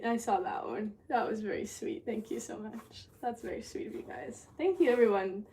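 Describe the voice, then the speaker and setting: A woman's voice: on the high side, normal speed, a little mellow, husky. A woman in her twenties chatting casually on a pottery livestream, thanking viewers as she works. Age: 20s.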